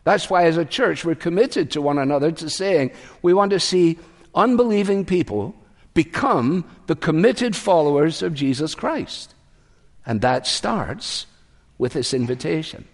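A man's voice: on the high side, animated, moderate pace, long reverb tail. A man preaching a sermon in a church, earnest, asking his listeners questions and changing his voice for emphasis. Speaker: pastor.

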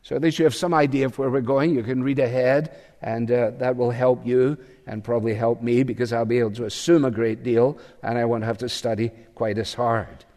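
A man preaching a sermon, measured and reflective, pausing often with small fillers. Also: medium pitch, steady tone, mellow. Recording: long hall reverb.

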